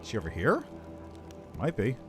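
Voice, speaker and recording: A man streaming a story game, chatting casually with a lively, swinging pitch. His voice sits in a middle register and he talks in a relaxed, off-the-cuff way. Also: a little slow, soft background music. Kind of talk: casual game commentary and reading.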